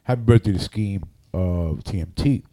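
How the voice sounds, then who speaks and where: A man, a radio personality and MC, telling loud, animated stories on a podcast and swearing often. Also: low voice, normal speed. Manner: animated, loud, acts out other people's voices, swears often. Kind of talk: casual storytelling on a podcast.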